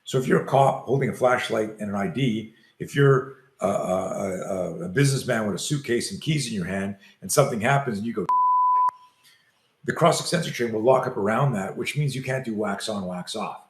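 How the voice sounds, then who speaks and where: A self-defense coach, an older man with a low-side voice, speaks at a moderate pace as he tells a long interview story. He brings the quoted dialogue to life by acting it out, and the room adds a noticeable echo.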